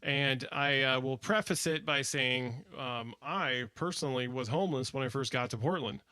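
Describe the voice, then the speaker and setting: A man's voice: mid-range voice, normal speed, bright, forceful tone, clear, resonant tone, dry recording. A man co-hosting a podcast in loose, profane casual chat, laughing often. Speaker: podcast co-host.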